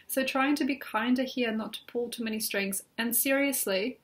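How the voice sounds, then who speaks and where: A woman's voice: a little high, moderate pace, hardly any pauses. A woman astrologer talking casually and reflectively from her bed at home, rambling with many "like" and "you know" fillers. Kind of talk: casual spoken astrology talk.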